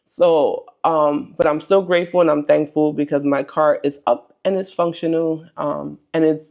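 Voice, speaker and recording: A woman's voice: low-pitched, level tone, moderate pace, creaky, darkish tone. Young woman, testimony vlogger; earnest and chatty, rambles with ums and likes. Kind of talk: casual faith testimony.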